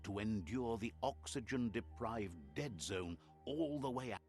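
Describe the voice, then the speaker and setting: A deep-voiced storyteller guides the hero through a game world, his low tone rising and falling with lively, musical inflection. savoring sound words with playful relish. Faint game music plays beneath him. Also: unhurried. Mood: storytelling. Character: calm male game narrator, storyteller telling the hero's tale. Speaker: game narrator. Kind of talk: scripted storybook narration.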